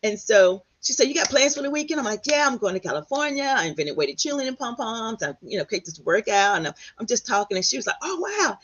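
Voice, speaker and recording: A middle-aged woman's husky voice comes through a dull, lo-fi recording. She tells her story as a guest, bringing it to life by acting out what other people said. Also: on the high side, fast talker, hardly any pauses. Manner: animated, quotes others in lively voices. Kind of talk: storytelling in conversation. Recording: dull lo-fi sound.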